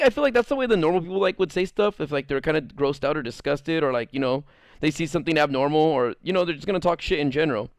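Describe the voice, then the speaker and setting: Streaming live, a man tells rambling stories to his chat, swearing a lot and acting out quotes in jumping voices. He sounds animated and fast, with a fairly high pitch and fairly bright tone. The studio-quality recording has no echo.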